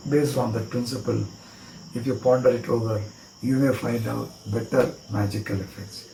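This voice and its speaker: Indian-accented male magic teacher, mellow voice, spells and repeats patiently, roomy echo with faint crickets. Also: mid-range voice, fairly even intonation, normal speed, creaky, slight background noise. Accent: Indian English. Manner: spells words out letter by letter, repeats phrases rhythmically. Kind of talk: card trick tutorial. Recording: echoey room with faint cricket chirps.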